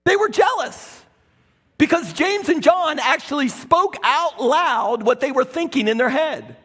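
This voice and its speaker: A male pastor preaching a sermon in a church, wearing a clip-on mic, telling the story in an animated way that swings from loud to hushed. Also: very high-pitched, measured pace, long reverb tail. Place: church sanctuary. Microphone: clip-on microphone.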